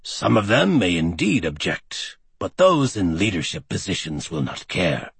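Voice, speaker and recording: A man voicing a calm, scheming male villain leader in an audiobook, speaking low, quiet and measured. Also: creaky, slightly rough, no echo, full character voice. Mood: lecturing.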